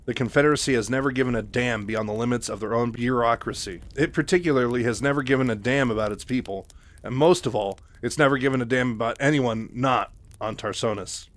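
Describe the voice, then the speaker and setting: A man's voice: medium pitch, a little fast, lightly acted. Man doing Kerrigan, scornful rebel woman. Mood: defiant. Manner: scornful, cutting. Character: defiant bitter woman rebel, sharp-tongued.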